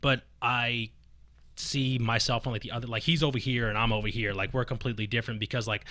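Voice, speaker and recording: A quick, brash man talks as a podcast guest and rattles off stories at high speed, packing them with swearing and fillers. His voice sits in a middle register. The sound is dry and close. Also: no echo. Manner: fast, animated, profane storytelling full of fillers. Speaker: podcast guest, competitive fighting game player. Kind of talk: casual podcast chat.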